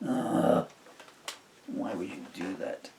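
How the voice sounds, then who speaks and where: Older man, songwriter, rambling muttered asides, gravelly voice, home studio. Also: low voice, normal speed, recorded from a distance, slight background noise. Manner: meandering, self-interrupting, muttered asides. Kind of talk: casual rambling talk while writing a song.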